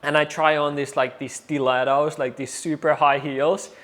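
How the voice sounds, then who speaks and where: Male guest, somewhat high voice, animated storyteller who acts out the people in his story. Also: normal speed. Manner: animated, acts out quoted voices, many fillers. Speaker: interview guest. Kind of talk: casual storytelling.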